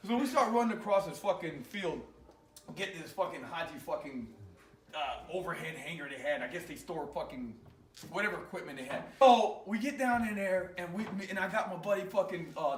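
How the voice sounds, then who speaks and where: A man, an Army veteran, telling an animated, profane war story in casual conversation in a garage. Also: high-pitched, echoey room, recorded from a distance, slight background noise.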